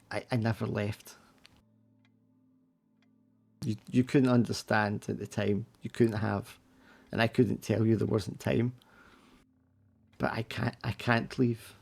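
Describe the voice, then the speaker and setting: A man voicing a gaunt, frightened young woman trapped in a dream, with an Edinburgh Scottish accent and halting, stammering speech. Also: fairly low pitch, gravelly, darkish tone.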